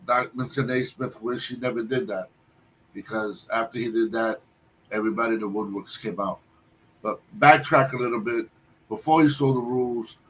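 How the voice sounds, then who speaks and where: A man telling a long personal story on a livestream, halting often and restarting his sentences. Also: mid-range voice, a bit bright. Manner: halting, with many restarts and fillers. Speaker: guest storyteller. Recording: distant mic with faint background noise.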